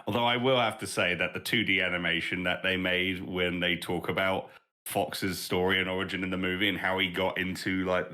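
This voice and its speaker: Excitable British man, bright voice. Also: low-pitched. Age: 30s. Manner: excitable, swears freely, laughs often. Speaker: podcast co-host. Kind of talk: casual chat.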